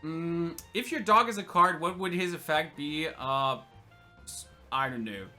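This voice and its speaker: Faint music sits behind a young man from Germany as he takes viewer questions in an easygoing Q&A stream. He speaks at a measured pace in a fairly high, sharp voice with a German accent, joking around and laughing often.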